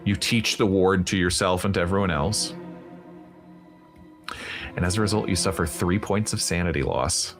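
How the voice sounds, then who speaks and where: A man with a fairly low voice acts as game master for a tabletop horror game. He laughs easily and narrates in a halting way, full of fillers. Music plays clearly behind him.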